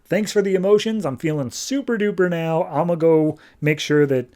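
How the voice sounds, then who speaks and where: A man's voice: fairly high pitch, a little fast, warm tone, voice pushed up, lightly acted. A man casually voicing a smug, taunting male psychic villain while retelling a comic. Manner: smug, mocking.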